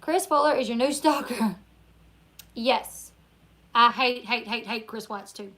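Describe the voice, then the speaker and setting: A woman's voice: a little high, unhurried, fairly bright tone. A tired woman from Northern Louisiana with a country accent, hosting a casual live-stream Q&A, chatting and reading viewer comments aloud. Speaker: YouTuber live-stream host.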